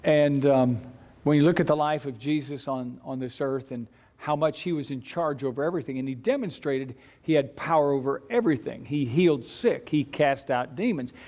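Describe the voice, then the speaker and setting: A man teaching a church Bible class in a conversational way, with halting restarts and light chuckles. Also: medium pitch, a little mellow.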